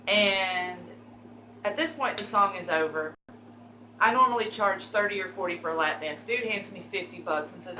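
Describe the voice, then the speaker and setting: A woman telling a candid, animated story for her vlog, cursing now and then. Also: medium pitch, normal speed, reverberant, a little hiss or hum, low-quality recording. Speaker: beauty vlogger telling a story.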